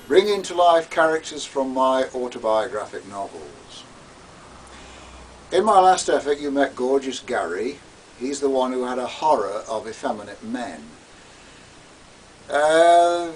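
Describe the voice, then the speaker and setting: A man, an author, narrating his own story in a theatrical, relishing way. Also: medium pitch. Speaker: author reading his novel. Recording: distant mic with faint hiss.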